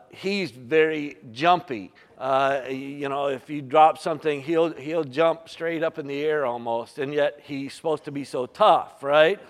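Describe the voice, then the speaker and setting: An older man preaching a sermon, halting and full of uh fillers and restarts. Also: a little high, long reverb tail. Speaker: pastor.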